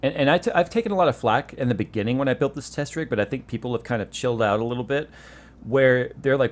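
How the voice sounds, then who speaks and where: A man from the United States hosts a casual tech podcast, speaking fast in a mid-range voice. He's an animated storyteller who laughs and swears freely.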